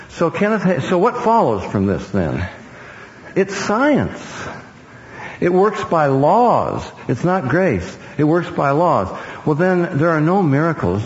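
A man preaching a sermon, emphatic and sometimes mocking in his repetition. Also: a little high. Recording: echoey hall, dull sound with faint hiss.

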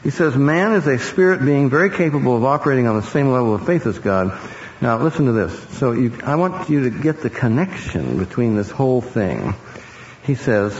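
Male preacher, lively pitch, emphatic; dull recording with faint hiss. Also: brisk. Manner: emphatic, mocking repetition. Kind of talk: sermon. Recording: echoey hall, dull sound with faint hiss.

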